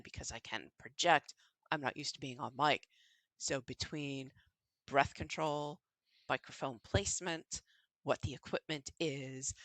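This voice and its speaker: A woman literature professor co-hosting a podcast, speaking in a measured, articulate, matter-of-fact way. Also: low voice, a bit bright, no room sound, rough recording. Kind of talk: conversational podcast chat.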